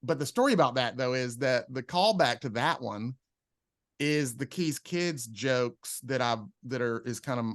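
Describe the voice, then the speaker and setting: Here the comedian speaks at a medium pitch and a slightly slow pace, animatedly telling stories on a relaxed podcast and performing the voices of people he quotes. The sound is clean studio audio without any room tone.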